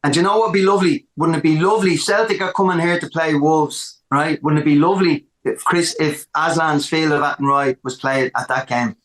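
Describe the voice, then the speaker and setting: Brief: Irish male musician guest, higher voice, lively storyteller, roomy echo. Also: brisk, few pauses. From Ireland. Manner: animated, repeats words for emphasis. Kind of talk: casual storytelling interview.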